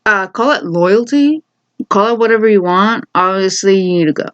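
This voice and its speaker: A woman talks through a TV episode in a casual, opinionated way. Her voice sits at an ordinary mid pitch. She slips into quick paraphrases of what the characters said. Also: a bit bright, lo-fi sound. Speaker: TV recap vlogger. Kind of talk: casual recap commentary.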